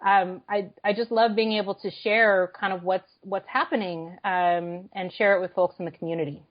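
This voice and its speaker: A woman guest on a podcast talks fast and eagerly, tumbling through her answers with plenty of fillers. Her voice sits at a middle pitch. The recording sounds a little muffled and dull. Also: steady tone. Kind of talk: casual interview chat.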